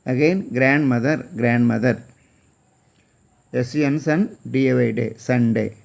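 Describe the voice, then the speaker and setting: A man's voice: medium pitch, measured pace, gravelly. A man from India teaching an English class with an Indian English accent, spelling words letter by letter and repeating each one.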